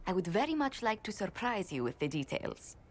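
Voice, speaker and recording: A woman's voice: mid-range voice, big pitch swings, brisk. An actress voicing a refined, polite noblewoman diplomat in a fantasy video game, speaking formally and graciously. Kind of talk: video game character dialogue.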